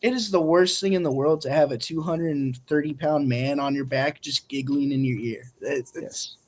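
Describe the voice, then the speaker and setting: A young man, a podcast co-host, telling stories in an animated way and acting out the quotes. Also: on the high side, normal speed. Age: young adult. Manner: animated storytelling with acted-out quotes. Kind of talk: casual podcast chat.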